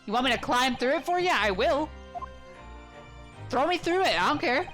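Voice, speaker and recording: A woman's voice: high voice, expressive, normal speed, long pauses. A woman casually commenting while playing a video game, jokey and irreverent. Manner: jokey, irreverent, reads dialogue aloud. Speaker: let's play host. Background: game music.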